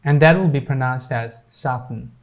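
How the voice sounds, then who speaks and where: A man teaching English pronunciation, spelling out words letter by letter with many pauses and fillers. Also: medium pitch, a little mellow. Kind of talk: slow explanatory lesson.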